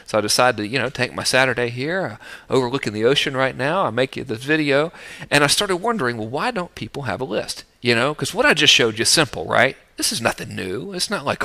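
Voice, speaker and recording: A man's voice: medium pitch, very animated, fast, gravelly, pushed and bright. A middle-aged man teaching list building in a casual, jokey, self-mocking video talk.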